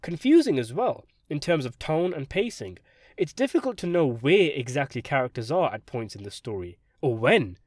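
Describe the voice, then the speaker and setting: A male film critic reading his scripted review with sardonic wit, his pitch bouncing all over the place. His voice sits a bit high for a man. It's recorded dry and close, with no echo. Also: moderate pace. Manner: sardonic, animated delivery with sudden jumps for emphasis.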